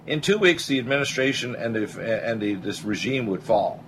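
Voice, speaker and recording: A man hosting a political talk radio show, talking in a blunt, excitable way and often repeating words as he starts a thought. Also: medium pitch, moderate pace, a little hiss or hum, poor audio.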